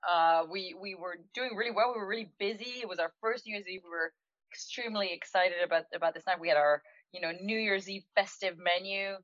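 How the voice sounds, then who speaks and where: A woman who owns a restaurant, telling an anecdote in a chatty, animated way, laughing now and then and using lots of fillers. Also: mid-range voice, a little fast, no echo. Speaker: restaurant owner. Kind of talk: anecdotal storytelling in conversation. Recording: dull lo-fi, dry sound.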